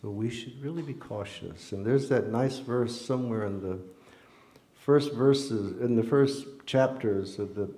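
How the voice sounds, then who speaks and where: A man's voice: mid-range voice, a little slow, warm tone. A man giving an informal devotional talk in a temple, speaking earnestly and conversationally. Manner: conversational, earnest, with ordinary fillers. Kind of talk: informal sermon with storytelling. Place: temple hall during a festival. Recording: echoey hall.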